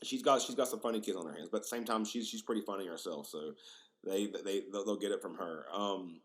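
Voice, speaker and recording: A young man hosting a podcast tells stories in a casual monologue, rambling and slangy, with lots of fillers and crude jokes. He speaks fast in a lowish voice.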